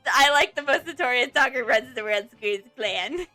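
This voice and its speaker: A playful woman streams a game live, reading its lines aloud with gusto. Her voice is high and bright and bounces around a lot. Quiet game music plays underneath. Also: animated, moderate pace. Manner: playful, giggly, reads dialogue with gusto.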